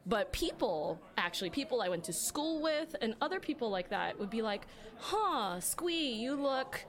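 A woman's voice: mid-range voice, sing-song, fairly quick. A woman hosting a casual podcast chat, candid and talkative, laughing often and swearing now and then. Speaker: podcast host.

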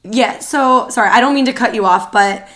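A woman co-hosting a podcast in casual chat, her voice worn out and tired, talking in an excitable, chatty way with quick asides. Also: on the high side. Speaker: podcast co-host.

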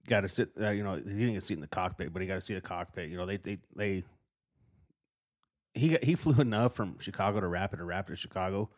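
Middle aged guy cussing a lot telling a story on a podcast, low voice, gets loud acting out quotes. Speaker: podcast co-host. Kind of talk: casual chat.

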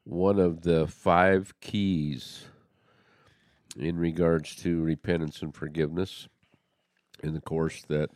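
Very low-pitched male co-host, earnest, stop-start delivery, dry close sound. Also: little pitch movement, darkish tone, dry recording. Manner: earnest, halting with many restarts. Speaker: podcast co-host. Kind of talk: casual religious discussion.

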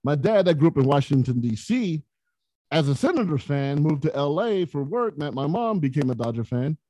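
A man telling casual stories as a podcast guest, his pitch sitting a touch high and swinging widely as he gets animated. The sound is dry and close, with no room echo. He laughs easily between lines. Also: moderate pace. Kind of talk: casual storytelling.

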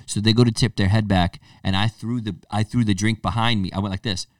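A man's voice: fairly low pitch, a little fast, dry recording, studio quality, far from the mic. A man co-hosting a podcast, chatting casually and acting out the people in his stories. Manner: animated storyteller acting out voices. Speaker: podcast co-host. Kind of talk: casual chat.

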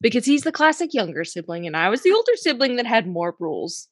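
A young woman co-hosting a podcast, chatting casually and telling stories with animated, mock-indignant laughter. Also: fairly high pitch, quick pace, slight background noise. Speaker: podcast co-host. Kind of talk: casual chat.

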